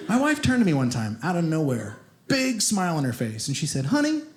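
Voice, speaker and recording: A Kentucky comedian's high-leaning voice moves a little fast as he delivers a stand-up set at a comedy club. His storytelling is animated, and he acts out other people's voices while loud laughter rings through the echoey theater.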